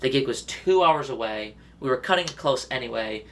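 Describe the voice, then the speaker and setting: A man co-hosting a podcast, telling quick, animated anecdotes in casual chat. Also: mid-range voice, slight background noise. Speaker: podcast co-host.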